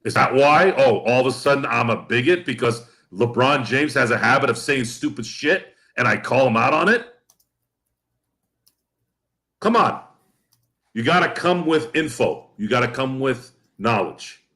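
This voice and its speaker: A man's voice: medium pitch, animated, a little slow, sharp tone. Blunt, profane man on a podcast rant. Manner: blunt, profane, repeats himself when worked up. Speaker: podcast co-host. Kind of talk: heated casual podcast rant.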